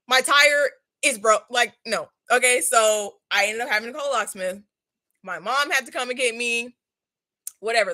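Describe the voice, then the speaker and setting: A young woman in her twenties telling a casual, slangy storytime while doing a face mask, animated and laughing often. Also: medium pitch. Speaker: vlogger.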